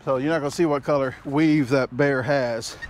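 A man's voice: mid-range voice, fairly even intonation, moderate pace, slight background noise. A man hosting a casual outdoor vlog, rambling and joking with lots of fillers, recorded on an action camera in the woods. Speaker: vlogger.

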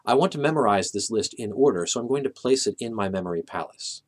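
A middle-aged man calmly and methodically explaining a memory technique, walking through his own examples step by step. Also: lowish voice, fast talker. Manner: calm, methodical, a few filler "uh"s.

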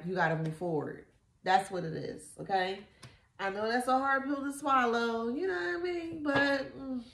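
A woman giving a casual tarot reading, blunt and profane, mocking and laughing often. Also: mid-range voice. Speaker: tarot reader. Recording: echoey room.

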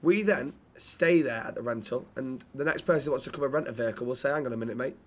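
A British man talking in character in a role-play game, eagerly pitching ideas and stumbling over his words. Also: quick pace, husky.

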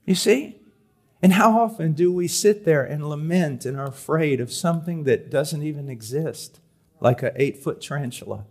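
A middle-aged man preaching a sermon at a conference, moving between loud emphatic reading and soft, hushed pleading. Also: on the high side, moderate pace. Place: conference hall.

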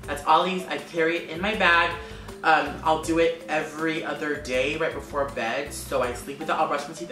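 A man's voice: on the high side, far from the mic. A man talking casually about makeup favorites in a vlog, gushing and repeating words for emphasis. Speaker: makeup vlogger. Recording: roomy echo, off-mic, music behind.

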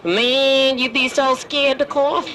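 A man's voice: extremely high pitch, fairly even intonation, takes it slowly, sharp tone, heavily acted. A man voicing a cheeky, streetwise wooden dummy, teasing strangers on a busy city street. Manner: brash, flirty, wisecracking. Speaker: ventriloquist's dummy. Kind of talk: street comedy teasing passersby. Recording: street crowd noise behind.

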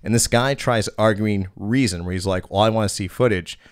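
A man's voice: lowish voice, fairly quick, clean tone, dry recording, studio quality. Blunt, profane man telling bar stories. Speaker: podcast host and bouncer. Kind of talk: casual storytelling chat.

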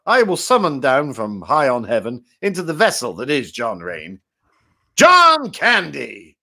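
A man's voice: on the high side, sharp tone, full character voice. A man playing a jovial, rambling game-show host who is dead and in heaven, hosting a comic improvised quiz. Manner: chummy, rambling, self-mocking banter.

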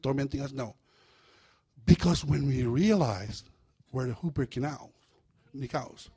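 A man preaching a sermon in a church, animated and humorous, breaking into acted-out voices. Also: a little high, husky. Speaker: pastor.

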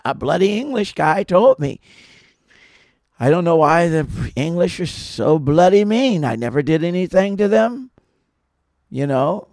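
A man talking in a casual, rambling monologue, telling stories with many restarts and growing louder when aggrieved. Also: on the high side, no room sound, clean studio sound. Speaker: podcast subject telling stories.

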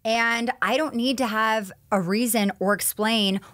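A woman's voice: on the high side, fairly even intonation, measured pace, a bit bright. A woman co-hosting a casual podcast, recapping a reality-show episode. She sounds indignant and fired up, and she acts out the lines of the people she quotes. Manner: heated, indignant retelling with quoted dialogue. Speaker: podcast co-host.

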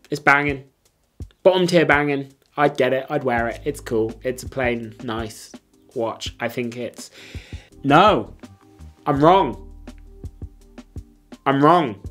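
A man's voice: fairly high pitch, fairly bright tone. A man hosting a casual watch ranking video, who talks in blunt, slangy, enthusiastic bursts with plenty of fillers. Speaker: host.

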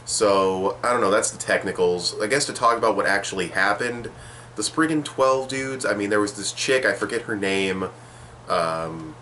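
A man's voice: low-pitched, pushed and bright, a little hiss or hum. A young man giving a rambling, sarcastic manga chapter review, swearing casually.

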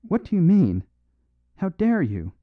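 A man voicing a tall, ranting male sun-cult prophet, loud and blustering, on a dry, phone-like recording. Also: medium pitch, lively intonation, measured pace, no echo, lightly acted. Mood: furious. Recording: dry phone-like narrow sound.

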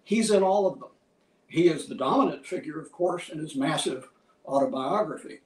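Man, lecture, measured scholarly delivery, slightly high voice, roomy hall, distant mic. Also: lively intonation, a little mellow. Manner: measured, scholarly, lists many quotations. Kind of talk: museum lecture.

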